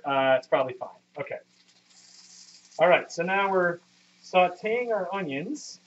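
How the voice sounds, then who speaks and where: Through muffled lo-fi stream audio, a man in his thirties with a high, somewhat bright voice chats casually with viewers from his home kitchen. His talk rambles, is full of profanity, and is self-deprecating.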